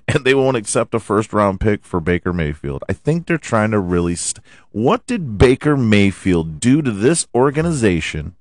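A deep-voiced man with a hoarse, allergy-worn throat rants about football, swearing freely and firing off rhetorical questions. His pitch swings widely as he gets worked up, and the sound is dry and close. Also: no echo. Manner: profane, ranting, rhetorical questions. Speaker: podcast host. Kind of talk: casual sports rant.

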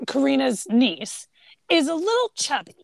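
A woman's voice: sits high, measured pace, creaky, no echo. A woman co-hosting a casual film chat, retelling scenes and acting out the lines. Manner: animated, acts out quoted lines. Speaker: podcast co-host.

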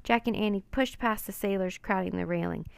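A woman reading a children's adventure book aloud in an expressive storytelling manner. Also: medium pitch, brisk, creaky, no echo.

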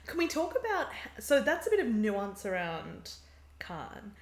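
A woman co-hosting a casual chat, animated, laughing often and quoting characters mockingly. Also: medium pitch, a little slow, crowd noise. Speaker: podcast co-host. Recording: roomy echo.

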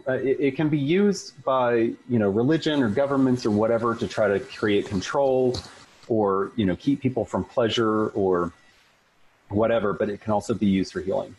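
Husky low-voiced man telling a story. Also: normal speed, poor audio. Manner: chatty, filler-heavy, animated retelling. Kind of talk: casual storytelling.

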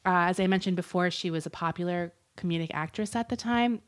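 Woman podcast host, lower register, casual storyteller, giggly and loose, swears now and then. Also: fairly quick. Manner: chatty and giggly, swears, uses lots of fillers. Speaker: podcast co-host telling a true crime story. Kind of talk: casual chat.

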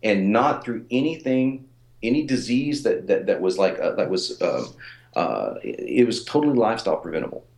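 A man's voice: lowish voice, very animated, moderate pace, creaky, a little mellow, roomy sound. A man in his forties, a fitness author and coach, telling stories in a casual interview with many fillers and repeated words. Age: 40s.

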